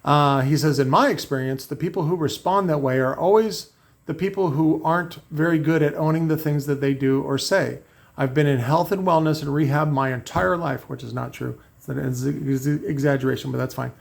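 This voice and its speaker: This man's voice is a little high and fairly quick, with vocal fry. He hosts and makes car audio gear, and here he's casually ranting in a foul-mouthed, wandering monologue, reading messages and repeatedly restarting his sentences.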